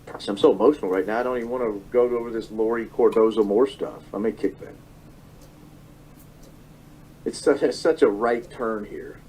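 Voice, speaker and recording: A man's voice: fairly low pitch, fast talker, dark tone, slight background noise, low-quality recording. A man in his thirties giving an emotional political monologue, often repeating phrases and correcting himself. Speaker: political commentator. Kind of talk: monologue commentary.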